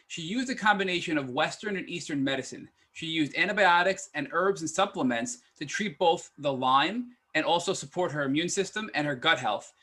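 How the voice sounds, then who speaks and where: Bright-voiced man co-hosting a podcast. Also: on the high side. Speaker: podcast co-host. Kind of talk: scripted introduction.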